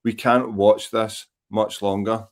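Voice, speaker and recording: A man's voice: lowish voice, level tone, takes it slowly. A Scottish man hosting a football podcast, giving blunt, exasperated opinions in casual chat over a remote call. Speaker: podcast host. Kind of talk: live football reaction chat.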